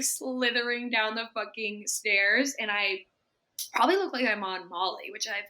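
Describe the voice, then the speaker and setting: A young woman co-hosts a casual podcast. Her voice is bright and forceful, and she tells stories with lots of swearing, acting out her own panicked inner voice. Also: a little high, moderate pace, rough recording. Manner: swearing, animated storytelling with acted-out inner voice. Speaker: podcast co-host. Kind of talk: casual chat.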